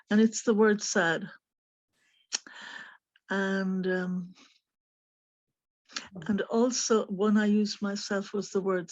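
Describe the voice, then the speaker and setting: A woman in a video-call discussion, speaking in a quiet, hesitant way. Her audio is dull and muffled, with a flat, dry sound and no room echo. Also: mid-range voice. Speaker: participant.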